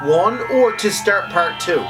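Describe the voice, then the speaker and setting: A man's voice: high-pitched, animated, measured pace, music in the background. A man co-hosting a podcast in casual chat, arguing his points in an emphatic, dry way. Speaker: podcast co-host.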